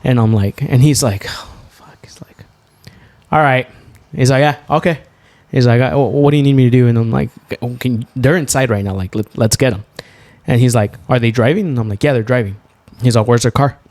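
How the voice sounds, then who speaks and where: A young man co-hosting a podcast, telling a story in a loose, profane way and jumping up high when he gets excited. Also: a little fast, dry recording. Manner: animated, profane, swings to high laughing exclaims. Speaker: podcast co-host. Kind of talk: storytelling in casual chat.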